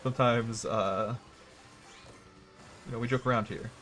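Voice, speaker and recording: A man's voice: mid-range voice, fairly even intonation, measured pace, fairly bright tone, soft background music. A young man streaming a video game live, rambling and joking sarcastically with his chat. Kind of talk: gaming livestream chat.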